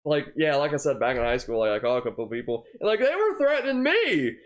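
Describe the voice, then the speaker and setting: A man's voice: on the high side, sing-song, quick pace. A young man co-hosting a gaming channel, ranting in casual chat, rambling and exasperated, full of fillers.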